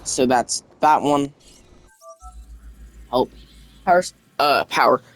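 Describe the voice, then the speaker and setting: A man narrating a casual video game tutorial, reading the game's on-screen text aloud in a halting way with stumbles, his voice wearing out. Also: mid-range voice, no echo, faint music behind, low-quality recording. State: losing his voice. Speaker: gaming channel creator.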